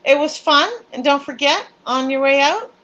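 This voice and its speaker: A woman co-hosting a casual livestream chat, easygoing and quick to laugh. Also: high voice, highs cut off, very noisy. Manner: giggly and easygoing. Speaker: livestream co-host.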